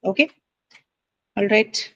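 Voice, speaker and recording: A woman teacher giving a classroom lecture, explaining step by step and often checking understanding with quick "right?" and "okay?" questions. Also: muffled recording. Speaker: English teacher. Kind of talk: classroom lecture on word stress.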